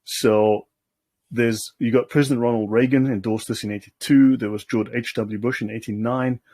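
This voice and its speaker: A male host talks through documents in a loose, sardonic commentary, constantly checking in with the listener. His voice is husky and a little breathy. The sound is dry and close, with no room around it. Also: mid-range voice, steady tone, normal speed, warm tone, no room sound. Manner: sardonic, keeps checking in with "okay?". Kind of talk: casual commentary while reading documents aloud.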